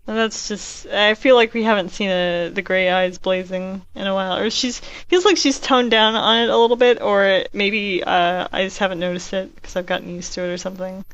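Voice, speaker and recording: A woman's voice: medium pitch, fairly even intonation, a little fast, few pauses, a bit bright, highs cut off. Woman cohost, casual chat, blunt dry jokes, laughs a lot. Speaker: podcast co-host. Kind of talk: casual chat, book critique.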